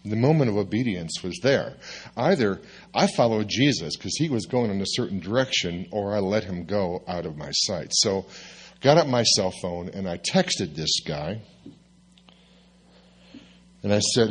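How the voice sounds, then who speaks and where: A male pastor telling a personal story in a sermon, lively and confessional, with self-mocking asides. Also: fairly low pitch, measured pace, husky.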